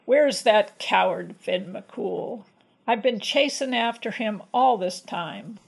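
A woman's voice: mid-range voice, animated, slow, creaky, breathy edge, full character voice, rough recording. A woman voicing a boastful, gluttonous giant man who bellows and blusters, with a lilt, in a storybook reading. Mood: blustering.

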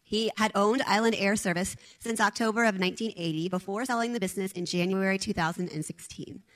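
A woman's voice: medium pitch, fairly quick, rough recording. A woman hosting a storytelling event, reading a speaker's introduction steadily from notes.

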